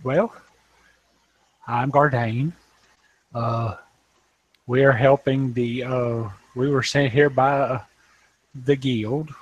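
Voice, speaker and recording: Male tabletop player, slow, halting, filler-heavy answers. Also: mid-range voice, steady tone, muffled recording. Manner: hesitant, full of "uh"s. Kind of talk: tabletop game play.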